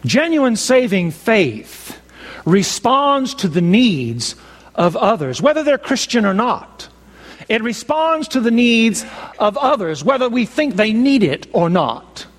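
A man preaching a sermon, measured and emphatic, slowing down to stress key phrases. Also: high-pitched, big pitch swings. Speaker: pastor. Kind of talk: expository sermon. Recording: long reverb of a large hall.

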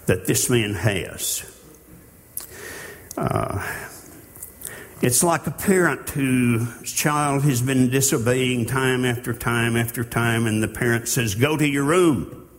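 A man preaching a sermon in a slow, earnest way, with halting restarts. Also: medium pitch. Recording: long hall reverb.

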